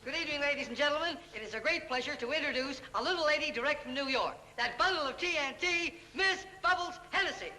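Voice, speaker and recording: A man's voice: very high-pitched, quick pace, hardly any pauses. A man playing a nightclub emcee, giving showy announcer patter in a 1940s film. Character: fast-talking male nightclub emcee. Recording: hissy old film soundtrack.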